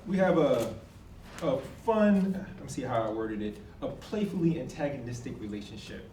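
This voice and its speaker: A man in his forties telling a personal story on stage, animated and acting out the dialogue. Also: medium pitch, normal speed, a little hiss or hum. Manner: animated, acts out quoted dialogue with emphatic outbursts. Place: college event hall. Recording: echoey hall from far off.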